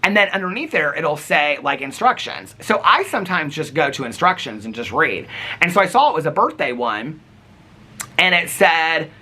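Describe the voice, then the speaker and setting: A man chatting casually in a daily vlog, rambling and animated with lots of filler words. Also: a little high, normal speed, breathy edge. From United States. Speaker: vlogger.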